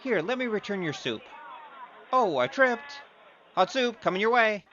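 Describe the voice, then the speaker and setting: An actor playing a cocky young male thief who speaks in a wry, playful, quick-witted way, narrating his tale in a radio play. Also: mid-range voice, animated, pushed and bright, dull audio, slight background noise. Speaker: narrator and lead.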